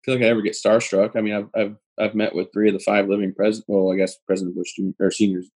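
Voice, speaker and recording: Fast-talking husky man. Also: on the low side, rough recording. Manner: animated, acts out quoted voices. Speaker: guest. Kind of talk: casual storytelling chat.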